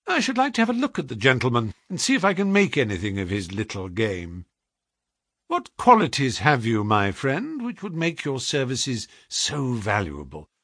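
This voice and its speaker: A man voicing a shrewd, composed detective who speaks in a measured, refined way. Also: mid-range voice, huge pitch swings, fairly bright tone, dry recording, clean studio sound, heavily acted.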